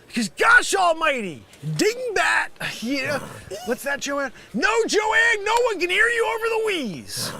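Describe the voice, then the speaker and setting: A man playing a brash male scam caller posing as a tech company, yelling insults and swinging from loud to mumbled. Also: sits high, very animated, moderate pace, heavily acted. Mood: insulting. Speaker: comedy sketch performer. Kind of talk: improvised comedy sketch.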